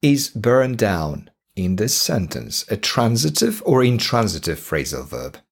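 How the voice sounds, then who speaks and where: Polish-accented male teacher, low husky voice, lively pitch, unhurried. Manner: slow and deliberate, repeating examples. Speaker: English teacher. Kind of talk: podcast English lesson.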